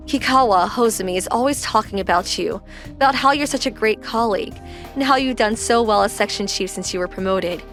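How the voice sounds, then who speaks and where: A woman's voice: mid-range voice, brisk, a bit bright, soft background music, close to an everyday voice. A young woman voicing a protective wife who confronts her husband's boss in a pleading, accusing way.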